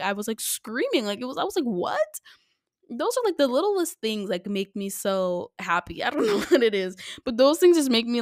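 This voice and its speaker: A young woman hosting a casual solo podcast, chatty and animated, filling her talk with "like". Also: a little high, no echo, studio quality. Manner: chatty and animated, lots of "like" fillers. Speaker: podcast host.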